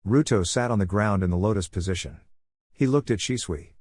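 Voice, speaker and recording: Man, story narrator, steady reading, low pitch, dry sound. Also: fairly quick, husky, dry recording. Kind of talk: scripted fan fiction narration.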